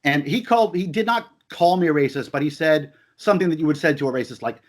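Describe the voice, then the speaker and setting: A man's voice: fairly high pitch, fast. A man in a heated conversational discussion, talking emphatically and repeating his points with stammered restarts.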